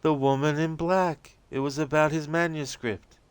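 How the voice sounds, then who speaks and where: A fragile, dazed young waitress, as a man reads her part aloud, sobbing through slow, broken sentences. Her voice sits high and trembles while she pleads. It comes across smooth and close, with no room sound. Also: fairly even intonation, no room sound, close to an everyday voice. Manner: halting, tearful, slow and pleading. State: crying. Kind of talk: reading game transcripts aloud with voices.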